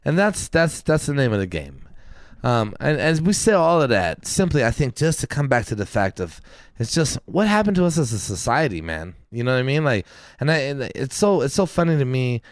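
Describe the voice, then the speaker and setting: A man's voice: mid-range voice, sing-song, a little fast, dry recording. A man co-hosting a podcast, talking in an emphatic, profane rant full of casual slang. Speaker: podcast co-host. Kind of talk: casual chat.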